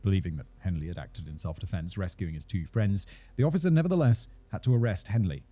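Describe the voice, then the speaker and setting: A man narrating a true-crime video in a measured, scripted storytelling delivery. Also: sits low, dark tone, breathy edge.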